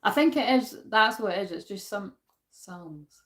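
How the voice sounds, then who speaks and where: With a medium-pitched, animated voice, a little slow, this Glaswegian woman from Scotland runs a casual spiritual card-reading live stream with verse reading. She's chatty and self-deprecating, laughs a lot and talks back to her viewers.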